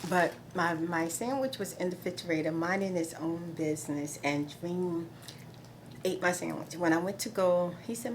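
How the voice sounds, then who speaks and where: With a lowish voice and a moderate pace, a middle-aged vlogger chats casually and rambles on her own video blog. She throws in exasperated asides, and background noise is noticeable throughout.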